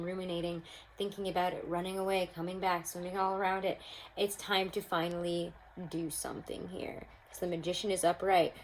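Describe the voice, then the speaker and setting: A young woman gives a casual, upbeat tarot reading to camera from a room at home, chatting straight to her viewers and calling them "guys." Her voice is lowish, in a low-quality recording with slight background noise.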